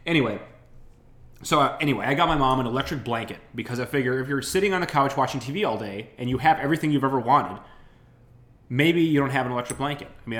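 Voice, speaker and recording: A man's voice: medium pitch, a bit bright. A man hosting a podcast, telling a rambling, wry, complaining story while getting over an illness. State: recovering from illness. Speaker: podcast host. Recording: roomy echo.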